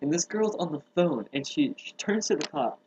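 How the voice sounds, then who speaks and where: A man chatting casually on a comedy podcast. He tells his story in an animated way and breaks into laughter often. A faint noise sits under the recording. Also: on the high side, moderate pace, low-quality recording. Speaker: podcast co-host.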